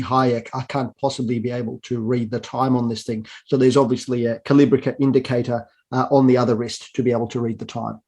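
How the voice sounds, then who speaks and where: A man's voice: medium pitch, a little mellow. Brief: male awards host, playful and self-mocking, dry wit, remote video setup. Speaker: awards presenter. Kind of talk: tongue-in-cheek awards hosting.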